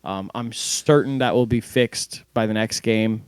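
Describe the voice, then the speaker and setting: A man co-hosting a casual sports recap over an online call, walking through the plays in a relaxed way. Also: fairly low pitch, a little slow, smooth, dry recording. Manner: relaxed, play-by-play recounting with fillers. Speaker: podcast co-host.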